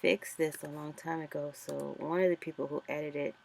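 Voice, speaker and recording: A woman's voice: low voice, little pitch movement, normal speed, creaky. A woman author chatting casually and thinking aloud as she walks through a screen-recorded tutorial. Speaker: author and vlogger.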